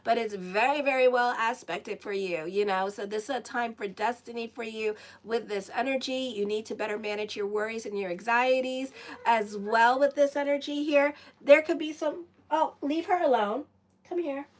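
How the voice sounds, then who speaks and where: An astrologer and tarot reader with a somewhat high voice does a casual live reading at a moderate pace. She's loose and chatty, drifting into asides to viewers and her cat before getting back to the cards.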